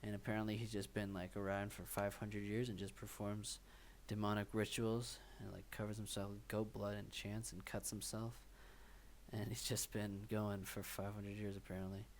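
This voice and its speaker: A man's voice: lowish voice, little pitch movement, normal speed, a little hiss or hum. A man co-hosting a film podcast, talking in a loose, rambling way with many fillers. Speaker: podcast co-host. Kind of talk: casual chat.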